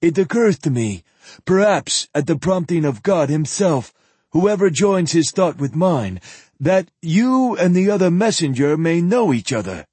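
Man doing lisping elderly zealot priest, sly, high lilting, husky, dry audiobook. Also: very animated, a little slow, a little mellow, no room sound, full character voice. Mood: unctuous.

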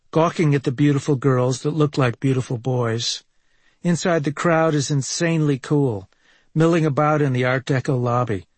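A man from Minneapolis reading a personal travel memoir aloud in a wry, deadpan delivery. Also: medium pitch, slightly rough, no room sound. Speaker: memoir narrator.

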